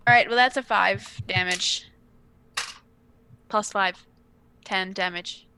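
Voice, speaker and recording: A woman's voice: mid-range voice, takes it slowly, pushed and bright. A woman playing a paladin in a tabletop game, chatting casually, self-mocking, and reading out her dice rolls. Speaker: player, paladin.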